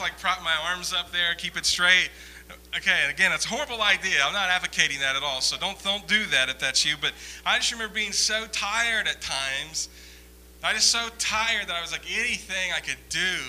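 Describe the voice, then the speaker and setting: A man's voice: on the high side, bright, forceful tone, slight background noise, low-quality recording. A man giving a conversational sermon as a pastor, rambling through self-deprecating stories with humor.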